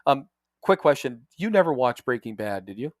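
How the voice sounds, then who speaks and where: In casual podcast chat, this male co-host spins animated stories, laughs a lot and curses without restraint. He has a medium pitch with big pitch swings and speaks at normal speed. The studio-quality recording is dry.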